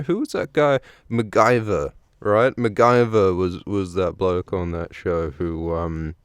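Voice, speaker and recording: A man's voice: fairly low pitch, clear, resonant tone, no echo, clean studio sound. A man hosting a podcast in rambling casual chat, playful, repeating words and drifting into tangents. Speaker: podcast host.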